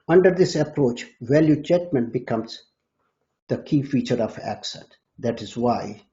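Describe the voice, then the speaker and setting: A man discussing linguistics on a podcast in a measured, lecture-like way. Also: medium pitch, mellow, lo-fi sound. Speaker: linguistics scholar.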